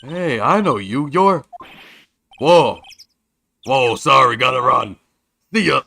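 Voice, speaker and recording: A man voicing an excitable, lovestruck young male artist in a video game, loud and eager. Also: mid-range voice, takes it slowly, vocal fry, heavily acted. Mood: excited.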